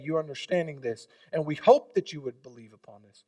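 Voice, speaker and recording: A man preaching a sermon, swinging from loud emphatic lines to quiet hushed ones. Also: fairly high pitch, lively intonation, brisk, few pauses, dry recording, distant mic. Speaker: pastor.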